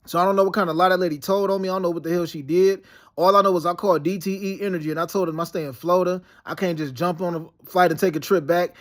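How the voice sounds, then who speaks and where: A vlogger with a notably high, slightly bright voice rambles fast through dreams and past events, his intonation fairly even. He keeps restarting and circling back, filling gaps with slang like "yo" and "you know what I'm saying."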